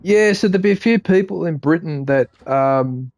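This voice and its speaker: A man's voice: fairly high pitch, animated, normal speed, darkish tone, no echo, faint music behind. A man chatting casually on a live game stream, muttering to himself and swearing when frustrated. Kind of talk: casual live-stream chat while gaming.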